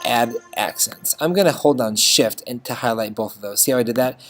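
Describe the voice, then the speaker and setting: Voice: mid-range voice, brisk. A music teacher giving a casual screen-recorded notation lesson, often checking in with "okay?" and singing short phrases of notes. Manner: chatty, checks in with frequent "okay?", sings notes.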